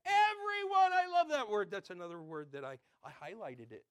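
A man preaching a sermon, animated and playful, acting out children shouting on a playground before reading scripture. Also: high-pitched, brisk, dry recording. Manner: animated, acts out playground kids with shouted bits. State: out of breath. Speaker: pastor.

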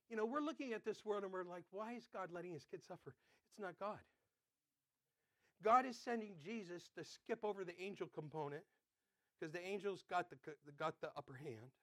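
A man preaching a sermon, animated and playful, acting out children shouting on a playground before reading scripture. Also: sits high, no room sound. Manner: animated, acts out playground kids with shouted bits. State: out of breath. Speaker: pastor.

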